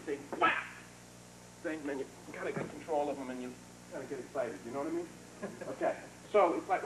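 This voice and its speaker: At a training hall seminar, a karate instructor speaks at a quick pace in a fairly high, animated voice, casually walking students through moves and rewarding them with short praise. It's a noisy 1990s video, recorded from afar in an echoey space.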